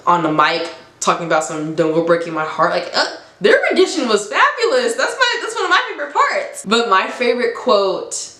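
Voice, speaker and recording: A woman's voice: mid-range voice, sing-song, moderate pace, bright, forceful tone. A woman in her twenties chatting enthusiastically in a casual vlog, laughing often. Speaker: vlogger. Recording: roomy echo.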